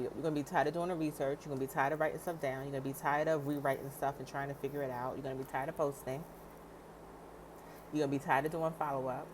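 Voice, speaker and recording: A woman's voice: deep voice, darkish tone, slight background noise. A woman coaching new business owners in a direct, encouraging vlog style, acting out inner doubts and laughing often. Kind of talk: motivational vlog talk.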